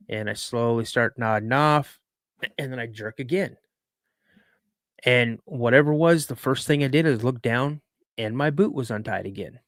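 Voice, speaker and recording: A man's voice: mid-range voice, a bit bright, no room sound, studio quality. A man in his fifties, a podcast guest telling a personal story in a chatty way with many asides. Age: 50s. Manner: conversational, frequent "you know".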